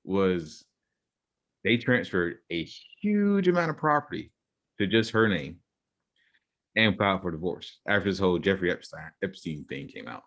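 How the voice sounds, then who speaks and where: Deep-voiced man arguing in podcast chat. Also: sing-song, normal speed, fairly bright tone. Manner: argumentative, lays out theories, repeats himself. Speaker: podcast co-host.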